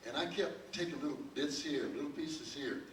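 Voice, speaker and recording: A man's voice: fairly high pitch, normal speed, fairly bright tone, slight background noise. An older man, a guest on a panel, telling a long anecdote with many restarts. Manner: rambling, full of restarts, chuckling storyteller. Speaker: panel guest, record producer. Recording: echoey hall, distant mic, faint ambience.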